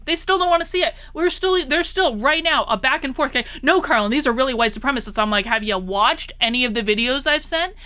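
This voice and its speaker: A woman's voice: a little high, sharp tone, clean tone. A woman talking straight to her audience in a casual monologue, exasperated and repeating herself for emphasis. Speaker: political commentary vlogger.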